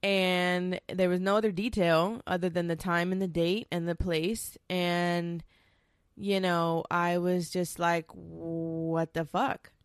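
A woman's voice: fairly low pitch, flat delivery, measured pace, smooth, dry recording, clean studio sound, soft background music. A woman hosting her own show, telling a personal story in a candid, chatty, confiding way. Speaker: podcast host. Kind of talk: casual solo storytelling.

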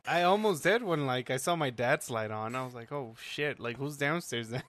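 A man's voice: mid-range voice, normal speed, a bit bright. A young man telling a story on a casual podcast chat, rambling with lots of "like" fillers and frequent laughs. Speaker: podcast co-host.

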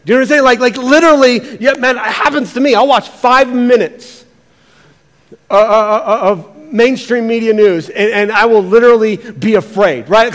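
A man preaching a sermon as pastor, animated, often repeating words and acting out quotes. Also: very high voice, normal speed, in a large hall.

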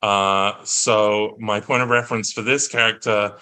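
Bright-voiced joking man guest. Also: on the low side, steady tone, unhurried, low-quality recording. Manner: self-deprecating, jokey, many restarts. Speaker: guest actor. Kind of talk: casual podcast chat.

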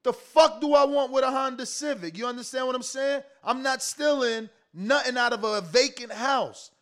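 A man's voice: very high voice, normal speed, a bit bright. A man hosting a boxing call-in show, ranting profanely and mocking callers over and over. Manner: profane, mocking, repeats himself. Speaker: boxing podcast host. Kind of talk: taking calls, heated rant.

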